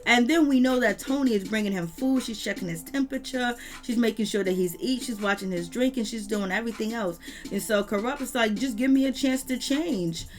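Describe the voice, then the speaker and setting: A woman's voice: fairly high pitch, a little fast. A woman giving a casual recap of a reality show, talking in emphatic slang and running through long lists. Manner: retells scenes with quoted voices.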